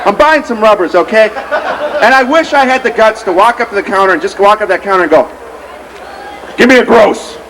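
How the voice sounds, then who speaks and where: A man's voice: sits high, fast talker. A man in his thirties doing a rambling, self-mocking stand-up set and emceeing from an outdoor stage. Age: 30s. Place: outdoor street fair stage. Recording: noisy outdoor crowd recording. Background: crowd noise.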